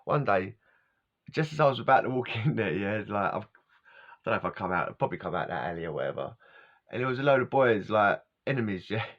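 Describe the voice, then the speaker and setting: A man's voice: on the low side, lively intonation, quick pace. Rambling man with lo-fi sound. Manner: rambling, slangy, chuckles often. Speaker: vlogger telling a life story. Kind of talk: casual storytelling monologue. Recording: dull lo-fi sound.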